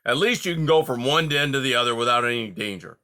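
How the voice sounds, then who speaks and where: A man doing a gruff, snappish old porcupine. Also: medium pitch, quick pace, natural voice. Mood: grumpy. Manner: gruff, snappish, louder than the narration. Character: grumpy old male porcupine, sharp-tongued.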